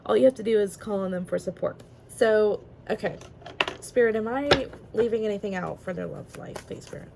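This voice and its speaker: A woman's voice: medium pitch, normal speed, gravelly, background noise. Chatty woman giving a tarot reading. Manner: chatty, rambling, giggly, with many fillers. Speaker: tarot reader. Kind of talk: casual tarot reading monologue.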